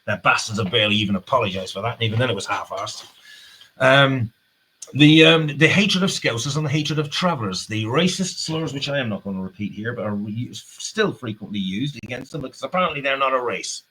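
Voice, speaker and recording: Husky man in a profane heated rant. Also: medium pitch, brisk, pushed and bright. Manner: profane, heated, rambling with restarts. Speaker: political commentator. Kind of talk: angry spoken rant.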